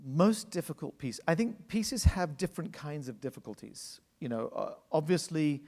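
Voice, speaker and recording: A man's voice: on the high side, sing-song, moderate pace, a little mellow. A man, an orchestra conductor, telling anecdotes in a live onstage interview at a library salon, laughing often as he talks. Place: public library salon before an audience. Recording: long reverb of a hall.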